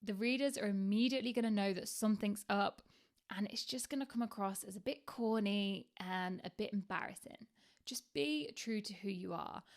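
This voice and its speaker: A woman talks through a writing lesson at a middle pitch. She is frank and conversational and keeps the tone relaxed, with the odd "um" and "like". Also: moderate pace. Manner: chatty and candid, with fillers like "like" and "um". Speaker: writing instructor. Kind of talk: casual online lesson.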